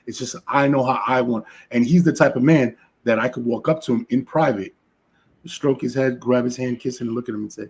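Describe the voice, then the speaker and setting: A man with a husky, slightly rough voice co-hosts a relationship podcast. He talks in a loose, conversational way, telling stories about couples and checking in with his co-host through lots of "right?" and "you know what I'm saying?" asides. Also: mid-range voice, fairly quick, darkish tone. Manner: storytelling, frequent "right?" asides. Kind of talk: casual relationship talk.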